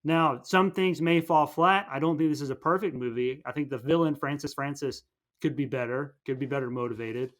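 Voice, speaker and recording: A man's voice: medium pitch, a little fast, a bit bright. A young man co-hosting a film podcast, chatting casually and enthusiastically, often restarting his sentences. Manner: rambling, enthusiastic, with many restarts. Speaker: podcast co-host.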